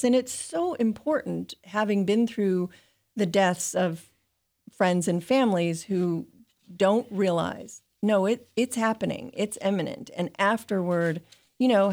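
An older woman reading from her own writing and answering questions, slow, measured and thoughtful. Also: fairly low pitch, creaky, a little mellow. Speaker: guest reading from her memoir. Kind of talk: reflective reading and interview answers.

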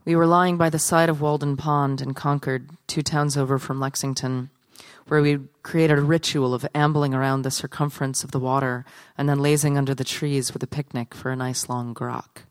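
A woman performing a spoken story and reading aloud, with a wry, unhurried, deadpan delivery. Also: very deep voice, smooth.

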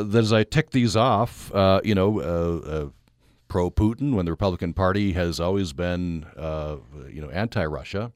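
A man hosting a public radio call-in show, talking in a halting way with many fillers. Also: sits low, no echo, clean studio sound. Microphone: studio mic.

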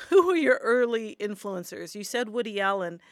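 A woman's voice: mid-range voice, very animated, moderate pace, dry recording, studio quality. A woman hosting an interview, asking brief, encouraging questions. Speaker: interview host. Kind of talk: radio interview.

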